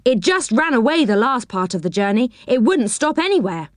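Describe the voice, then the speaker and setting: A woman's voice: a little high, very animated, moderate pace, dry recording, clean studio sound, pitched above the performer's own voice. A woman voicing a cheerful young boy in a storybook reading, easygoing and a little sheepish.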